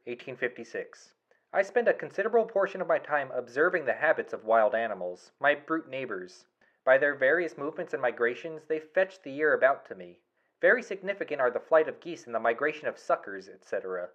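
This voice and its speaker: A man voicing a reflective 19th-century male naturalist writer, reading journal entries in a measured, contemplative way. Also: medium pitch, fairly bright tone, dull audio, natural voice.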